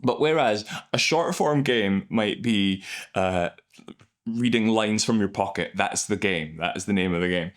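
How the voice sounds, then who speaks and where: A man, an improv coach hosting, explaining scenes in an animated, enthusiastic way. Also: on the low side, a little slow. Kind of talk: reaction and analysis commentary.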